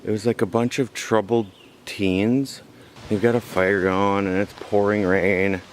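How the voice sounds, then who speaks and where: Brief: tired hiker guy, low-pitched, cussing through a rambling trail vlog, handheld camera, faint outdoor hiss behind him. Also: measured pace. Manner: swears freely, animated retelling with put-on quotes. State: exhausted. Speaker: solo backpacker vlogging on the trail. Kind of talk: casual vlog storytelling. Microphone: handheld camera at arm's length.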